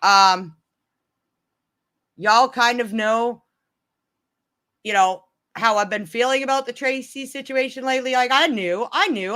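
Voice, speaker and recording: A woman tells a long story to her viewers in an unscripted, casual way. Her voice sits a little high and has a bright, forward edge, and she circles back and restarts as she goes. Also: a little slow, long pauses. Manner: rambling, many restarts and "you know"s.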